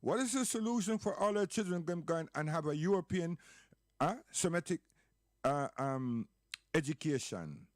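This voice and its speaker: A man's voice: a little high, animated, normal speed, no room sound, studio quality. A man giving an impassioned monologue, emphatic and repetitive, full of rhetorical questions.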